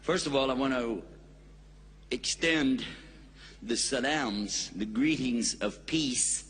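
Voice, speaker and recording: A man's voice: medium pitch, slow pace, a bit bright. American man, folksy preacher, public lecture, faint hum behind. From United States. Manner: folksy, joking, emphatic. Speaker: Islamic preacher. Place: lecture hall in India.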